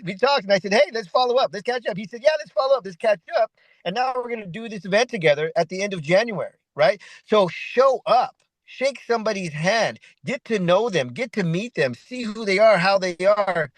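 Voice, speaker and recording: High-voiced motivational man, dry sound. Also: no room sound, poor audio. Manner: repetitive, preachy, full of 'right?' asides. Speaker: event host and speaker. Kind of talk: motivational talk.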